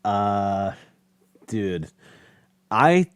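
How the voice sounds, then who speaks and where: A man, a podcast host guesting on a live stream, talking casually and enthusiastically, laughing often and slipping in quick asides. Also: on the low side, big pitch swings, clean tone, no room sound, studio quality.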